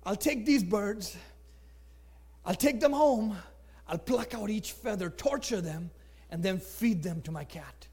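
A man voicing a cruel little boy who taunts and gloats in a low, quiet voice while telling a story. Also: expressive, takes it slowly, long pauses, long reverb tail, exaggerated voice. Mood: gloating. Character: cruel mocking little boy torturing birds.

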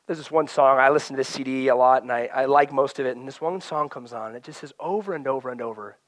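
A man's voice: mid-range voice, quick pace, few pauses, no room sound. A man preaching a sermon in an earnest, conversational way, often acting out quoted voices and prayers.

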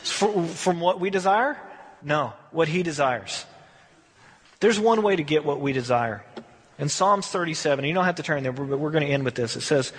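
A man with a fairly high, slightly husky voice preaches to his congregation. He talks in an easy, conversational way, stressing his points and asking rhetorical questions. The sound rings with a long reverb from a church hall. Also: animated, moderate pace. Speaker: pastor. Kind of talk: sermon.

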